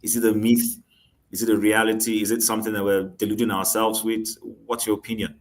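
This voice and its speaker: A man's voice: fairly low pitch, little pitch movement, a little fast. A man hosting a panel talk show, moderating with many ums and conciliatory asides. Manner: hesitant, full of ums, conciliatory.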